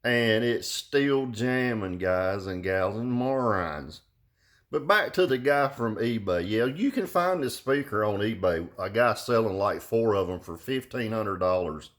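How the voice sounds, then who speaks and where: A man's voice: on the low side, animated, unhurried, a bit bright. An older man, ranting into a phone held at arm's length in a profane, mocking vlog, laughing and cussing often. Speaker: car audio vlogger.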